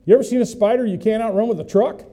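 A man's voice: high-pitched, racing, warm tone. A middle-aged male pastor preaching a conversational sermon, folksy and full of questions to the congregation, with self-mocking humor.

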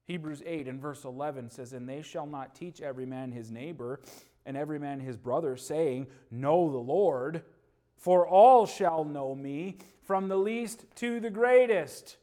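A man preaching a sermon, moving between loud emphatic passages and quiet, low stretches, with homely stories about his dog and family. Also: a little slow.

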